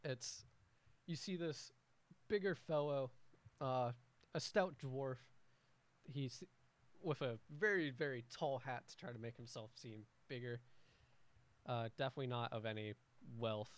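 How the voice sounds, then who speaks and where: A young man who is the game master, narrating a homebrew tabletop game in a casual, halting way full of restarts. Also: mid-range voice.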